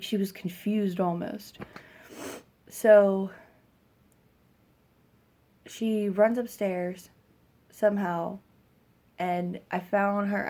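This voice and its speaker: A woman's voice: medium pitch, darkish tone. A young woman venting about a hard weekend as a mother, rambling and frustrated, with lots of fillers and a weary, stressed edge. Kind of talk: casual venting vlog.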